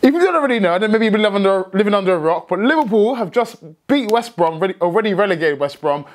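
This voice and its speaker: A young man hosting a football fan vlog, talking excitedly with many restarts and outbursts. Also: high-pitched, rapid-fire. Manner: excitable, rambling, frequent restarts, shouts in joy. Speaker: football fan channel host.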